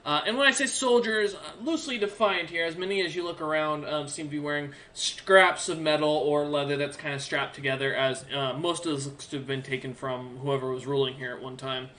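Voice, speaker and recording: A man's voice: a little high, steady tone, fairly quick, hardly any pauses, bright, forceful tone, a little hiss or hum. A man narrating a tabletop game as game master, loosely and with many fillers.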